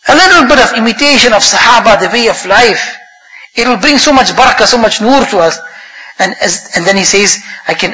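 High-voiced guy preaching, bright tone, really impassioned, lots of echo like a big hall. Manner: impassioned, rises and falls, recites Arabic quickly. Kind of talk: sermon. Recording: long hall reverb.

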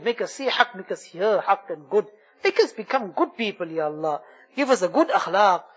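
Fervent husky-voiced man leading prayer. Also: high voice, fairly bright tone, dull audio. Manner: fervent, pleading, repetitive invocations. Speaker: imam leading supplication. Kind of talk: devotional prayer, supplication.

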